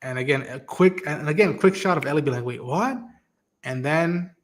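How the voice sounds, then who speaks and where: His voice a little high and his delivery fairly quick, a man hosts a podcast livestream about an episode. The talk is casual and animated, with swearing and acted-out character lines throughout the recap.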